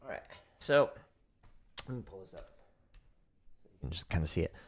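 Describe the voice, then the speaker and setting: A man teaching drum technique on a livestream, explaining exercises step by step and counting patterns aloud in a relaxed, casual way. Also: low voice, normal speed. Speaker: drum teacher on a practice stream. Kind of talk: instructional livestream talk.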